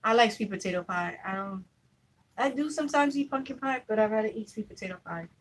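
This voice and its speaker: A woman's voice: medium pitch, lively intonation, quick pace, a little hiss or hum, rough recording. A woman vlogging at home, chatting casually and telling stories about her family in an easygoing, laughing way. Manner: chatty, storytelling, laughs easily. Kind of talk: casual chat to camera.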